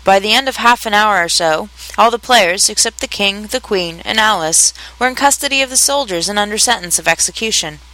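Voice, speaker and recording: A storybook narrator reading a classic tale aloud. The voice is bright and forward, at a middle pitch. Quoted characters get a lift in pitch and more force. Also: fairly quick, few pauses, poor audio. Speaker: audiobook narrator.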